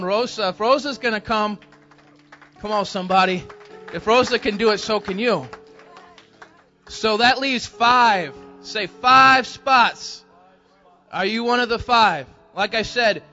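A man's voice: sits high, sharp tone, highs cut off. A man making a church announcement, rallying people to sign up with an upbeat, encouraging manner. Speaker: ministry team leader making an announcement.

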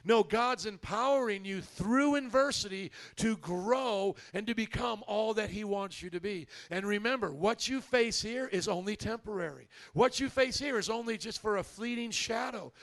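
A man's voice: sits high, moderate pace, hardly any pauses, a bit bright. A male pastor preaching a sermon to his church, emphatic and prompting the congregation to answer back.

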